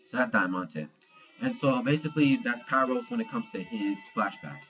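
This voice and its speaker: A man's voice: medium pitch, moderate pace, muffled recording, faint music behind. Slangy young man reviewing manga. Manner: slangy and profane, animated retelling. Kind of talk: casual video review.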